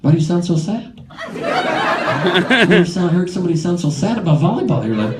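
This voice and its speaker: A man's voice: high-pitched, wildly swooping pitch, normal speed, heavy background noise. A man doing improvised crowd work on a comedy club stage, brash and profane, mocking people in the audience and acting out the characters in his bits. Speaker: stand-up comedian. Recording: echoey live club recording with crowd. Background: audience laughter.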